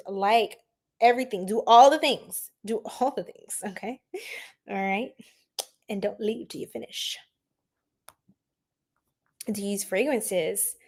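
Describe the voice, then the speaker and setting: A woman's voice: on the high side, a little slow, long pauses, darkish tone. A woman hosting an astrology livestream in casual, slangy chat, laughing often and reacting to viewers' comments.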